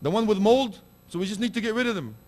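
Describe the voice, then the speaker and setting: A man's voice: sits high, lively intonation, fast talker, a little mellow, pitched above the performer's own voice. A man preaching who mockingly imitates a selfish grown son hiding the good food from his parents. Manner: mocking, breezy, exaggerated.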